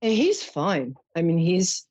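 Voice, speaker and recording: A woman's voice: on the low side, sing-song, slow, a little mellow, no room sound. A woman hosting a psychic call-in show, soothing and full of endearments as she gives readings. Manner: soothing, showers callers with endearments. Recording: dull lo-fi dry sound.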